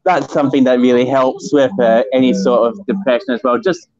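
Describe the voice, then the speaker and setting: A man's voice: medium pitch, fairly even intonation, fairly quick, darkish tone, muffled recording. A man with a Scottish accent, a guest in a casual online chat, talking with many fillers and restarts. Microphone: phone.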